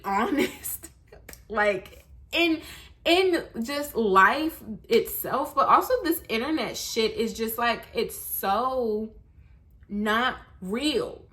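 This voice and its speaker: A lifestyle vlogger in her late twenties, with a fairly high and slightly bright voice, talks candidly to her viewers from bed at night. She's tearful and sad, rambling as she addresses them directly.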